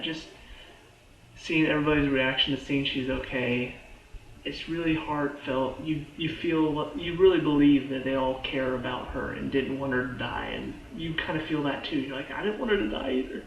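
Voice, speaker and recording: A man giving a casual spoken review of a TV show, excitable and full of fillers and restarts. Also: fairly high pitch, normal speed, echoey room, highs cut off, slight background noise.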